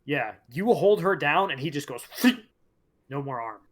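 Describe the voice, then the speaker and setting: Podcast host, higher-pitched man, lively recap with quoted voices. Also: a crowd in the background. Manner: animated storyteller who slips into quick quoted voices. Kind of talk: casual retelling of a game story.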